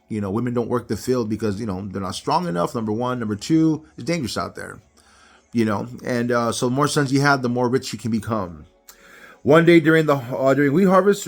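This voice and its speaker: Man, casual bible study teacher, animated storyteller, mid-pitched voice. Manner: animated storyteller who acts out scenes.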